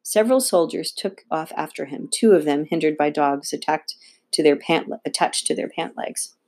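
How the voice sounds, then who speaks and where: A woman reads a children's novel aloud in a low voice, steady and expressive. Her narration is calm and clear, the tone of a read-aloud storybook. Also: moderate pace. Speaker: audiobook reader.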